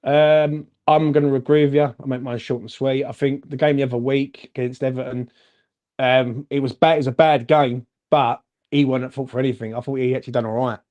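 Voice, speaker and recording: Man, casual football chat, animated, chatty, mellow dark voice. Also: medium pitch, fairly quick, lo-fi sound. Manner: animated, chatty, says "mate" a lot. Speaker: fan channel co-host.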